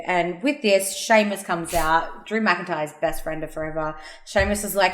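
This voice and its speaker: Lively woman podcaster in a roomy space. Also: lowish voice, normal speed, hardly any pauses. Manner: animated retelling, acts out quotes, laughs often. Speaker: podcast co-host. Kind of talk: casual chat recapping wrestling. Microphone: remote call mic.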